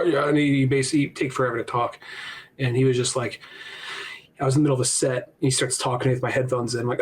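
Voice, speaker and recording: A man's voice: medium pitch, little pitch movement, fast talker, breathy edge. Rambling, laughing man on a podcast. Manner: rambling, laughing storytelling with swearing. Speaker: podcast guest. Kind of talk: casual chat.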